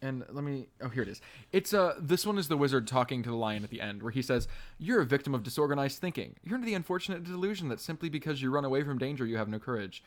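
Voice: medium pitch, very animated, quick pace. A co-host in a casual podcast chat about a movie, enthusiastic and laughing often.

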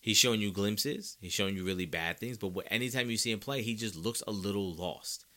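A man's voice: lowish voice, brisk, bright, forceful tone. A man hosting a sports podcast, giving emphatic, opinionated commentary straight to his listeners.

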